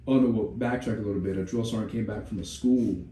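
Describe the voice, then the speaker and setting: Brief: a low-voiced male podcaster telling a story casually, with curses and asides, roomy distant sound with faint hum. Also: fast talker, warm tone. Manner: rambling, profane, many "you know" asides. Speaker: podcast co-host.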